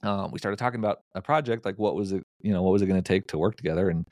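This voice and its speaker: Male podcast guest, low and dry, chatty storyteller who restarts a lot. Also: rapid-fire, dry recording. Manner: animated anecdote-telling with frequent restarts. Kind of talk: casual storytelling.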